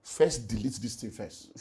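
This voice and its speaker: Speaking slowly in a mid-range voice, a middle-aged Nigerian man gives an emotional personal testimony in an interview, with a faint hiss or hum on the recording. He is a pastor and relationship speaker who tells it vividly, mixing in Nigerian Pidgin and swinging from loud to hushed.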